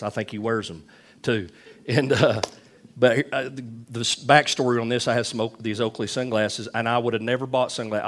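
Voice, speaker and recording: A middle-aged man preaching a sermon, telling folksy stories with lots of repetition. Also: on the low side. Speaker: pastor.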